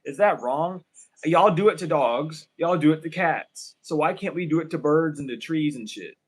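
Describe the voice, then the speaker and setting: A man's voice: on the high side, lively intonation, moderate pace, breathy edge, low-quality recording. A man doing a casual tarot reading for viewers, ranting and swearing as he talks straight to them. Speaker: tarot reader.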